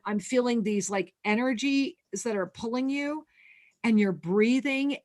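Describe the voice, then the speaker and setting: A woman hosting a spiritual talk radio show, effusive with callers and giving intuitive readings in a soft, flowing way. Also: a little high. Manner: effusive, calls callers sweetheart and angel.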